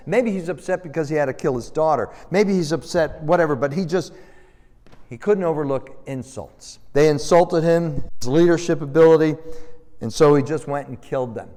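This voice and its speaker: Animated preacher in a reverberant church. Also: male voice, a little high, moderate pace. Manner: animated storytelling, acting out voices. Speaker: pastor. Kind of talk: sermon. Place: church sanctuary.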